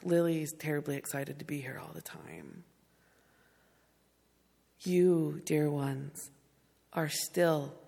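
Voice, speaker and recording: A woman's voice: low voice, creaky, a little mellow, slightly rough, in a large hall. A woman pastor preaching a sermon, speaking tenderly and directly to her congregation.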